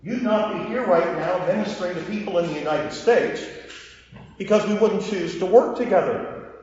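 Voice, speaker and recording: A man preaching a sermon as pastor, telling the story with acted dialogue and lively asides, recorded in a church sanctuary. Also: sits high, moderate pace, a little hiss or hum. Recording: echoey hall, dull lo-fi sound.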